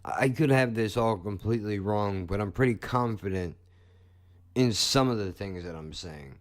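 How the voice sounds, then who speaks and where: A man's voice: fairly low pitch, normal speed. A man hosting a podcast in casual chat, blunt and profane, joking as he talks. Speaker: podcast host.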